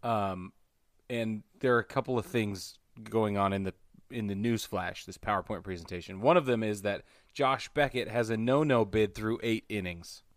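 A man co-hosting a casual podcast, enthusiastic and quick to laugh. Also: fairly low pitch, no room sound, studio quality. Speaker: podcast co-host. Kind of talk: casual chat.

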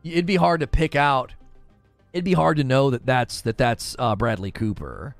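Lively-pitched man chatting about games. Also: normal speed, gravelly, no echo, soft background music. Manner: rambling, conversational, answers chat questions. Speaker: gaming news host. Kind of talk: casual chat.

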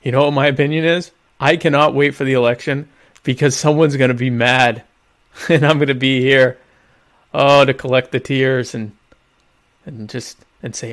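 A man hosting a casual live stream, rambling and interrupting himself, with deadpan, mock-pompous humor. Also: mid-range voice, normal speed. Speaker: live show host.

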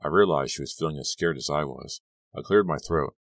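A man narrating an audiobook in a measured, suspenseful way. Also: extremely low pitch, no room sound. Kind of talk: dramatic audiobook reading.

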